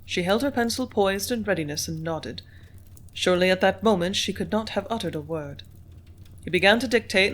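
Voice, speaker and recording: An audiobook narrator reading a novel in scripted narration, even and steady. The voice sits at a middle pitch and keeps a level, unhurried delivery.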